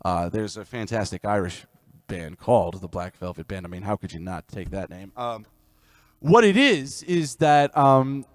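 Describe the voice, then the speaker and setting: A man's voice: lowish voice, animated, normal speed, dry recording. A man live streaming music, chatting casually and rambling between songs. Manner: chatty, rambling asides, sings folk songs loudly.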